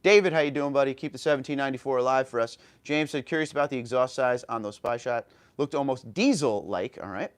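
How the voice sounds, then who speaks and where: A man's voice: medium pitch, fast. Casual male livestream host reading chat. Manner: friendly, greets viewers by name, reads comments aloud. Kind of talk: casual live chat reading viewer comments. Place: home room.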